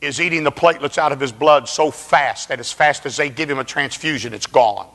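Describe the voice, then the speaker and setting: A man's voice: on the high side, a little fast, fairly bright tone. A male preacher voicing a worn-out, grieving mother who pleads for help, in a sermon recorded in a reverberant hall. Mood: weary pleading. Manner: weary, pleading. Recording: long reverb of a large hall.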